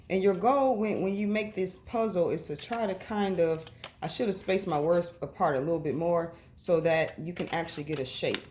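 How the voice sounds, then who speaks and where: A woman's voice: fairly low pitch, a little mellow, slight background noise. Woman teacher sounding out syllables. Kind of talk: reading lesson for children.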